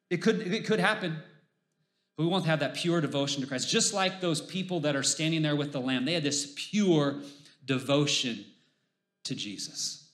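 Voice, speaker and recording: A man's voice: a little high, fairly bright tone, reverberant. A male pastor preaching a sermon to his congregation, emphatic and exhorting, his voice rising as he urges listeners on.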